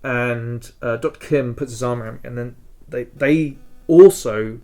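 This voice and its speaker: A man's voice: medium pitch, unhurried, mellow. A man co-hosting a podcast, telling a story in a rambling, emotional way with many fillers. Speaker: podcast co-host.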